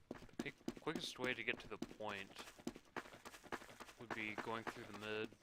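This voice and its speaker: Tired young man over loud noise. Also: fairly low pitch. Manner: tired, halting, many fillers. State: exhausted. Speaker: team strategy lead. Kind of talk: casual strategy chat.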